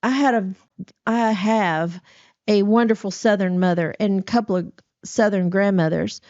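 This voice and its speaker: A woman's voice: mid-range voice, moderate pace, a little mellow, dry recording. A woman hosting a podcast in casual chat, telling rambling stories with frequent restarts. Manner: rambling, self-interrupting storyteller. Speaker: podcast host. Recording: dull, dry lo-fi recording.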